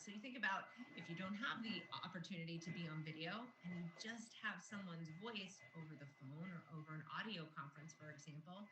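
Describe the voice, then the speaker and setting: A woman giving a conversational training lesson on communication, explaining examples to learners. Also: medium pitch. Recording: roomy with noticeable background noise.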